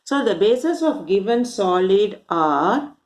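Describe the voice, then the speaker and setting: A woman with a mid-range, somewhat dark voice teaches a maths lesson in a slow, sing-song way. She works through it step by step, counting aloud and posing rhetorical questions as she goes.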